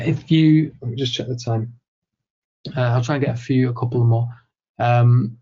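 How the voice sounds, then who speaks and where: A man's voice: medium pitch, vocal fry, mellow, highs cut off. A man hosting a live question-and-answer talk, thinking aloud with fillers and restarts and acting out quoted dialogue. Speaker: host answering audience questions.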